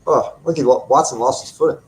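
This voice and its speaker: A man's voice: mid-range voice, fast, darkish tone. A man co-hosting a live football watchalong, reacting with enthusiastic exclamations. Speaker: podcast co-host. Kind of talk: live match watchalong commentary.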